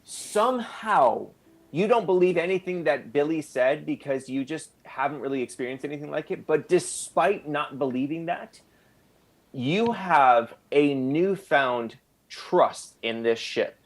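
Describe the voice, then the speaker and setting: A man's voice: a little high, expressive, measured pace. A man narrating as game master in a casual, playful way.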